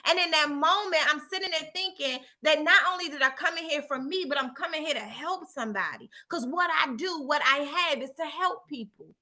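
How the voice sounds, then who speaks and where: A woman's voice: high voice, brisk, few pauses, pushed and bright. A middle-aged woman telling a story and giving a motivational talk, with emphatic repetition and a preachy tone. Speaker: motivational speaker.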